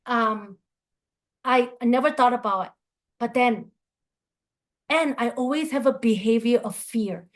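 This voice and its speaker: A woman's voice: a little high, unhurried, pauses often. A woman coach giving a motivational talk, telling earnest personal stories. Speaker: qigong and life coach.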